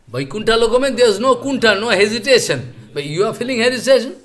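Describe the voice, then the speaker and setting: High-voiced man retelling a scripture tale. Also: animated, pushed and bright. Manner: halting, repetitive, non-native English phrasing. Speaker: scripture lecturer. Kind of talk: storytelling scripture class.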